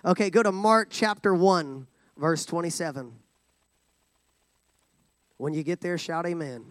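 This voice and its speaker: A man's voice: on the high side, unhurried, no echo. A man preaching a sermon in a folksy, joking way, calling for responses from the congregation. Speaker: guest preacher.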